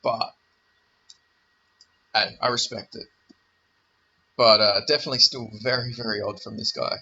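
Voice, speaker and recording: Bright-voiced young man riffing on photos. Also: fairly low pitch, steady tone, normal speed, dull audio. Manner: profane, rambling, joking. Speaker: video commentator. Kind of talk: casual comedic commentary.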